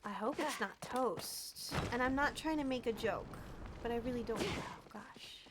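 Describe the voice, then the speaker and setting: A young woman with a high voice, chatting to viewers while she plays a cozy game. She gushes sweetly, laughs softly and often clears her throat. A faint hiss sits under the recording. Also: measured pace. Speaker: streamer. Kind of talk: casual gameplay livestream chat. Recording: faint background noise.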